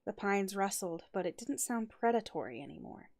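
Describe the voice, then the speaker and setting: A woman streamer reading a first-person story aloud with an expressive, dramatic delivery. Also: mid-range voice, vocal fry. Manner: expressive, dramatic reading with quick laughing asides.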